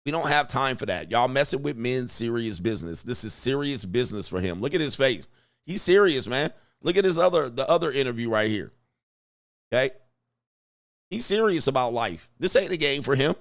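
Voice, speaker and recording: A man hosting a commentary vlog, talking in a profane, animated way and acting out quotes. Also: mid-range voice, brisk. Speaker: host.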